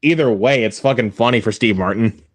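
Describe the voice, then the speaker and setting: A young man in casual chat as a quiz contestant, excitable and stammering, full of filler words. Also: medium pitch, a little fast, breathy edge, no room sound.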